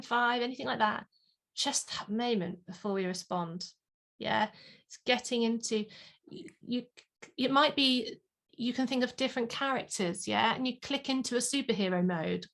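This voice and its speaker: A woman's voice: mid-range voice, a bit bright. A woman, a play and parenting consultant, talking animatedly in an interview and acting out parents and children. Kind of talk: podcast interview.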